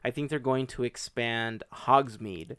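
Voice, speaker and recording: A man's voice: medium pitch, fairly even intonation, measured pace, a bit bright, clear, resonant tone, no room sound. A man in a casual podcast chat, thoughtful and reasoning aloud, often restarting his sentences.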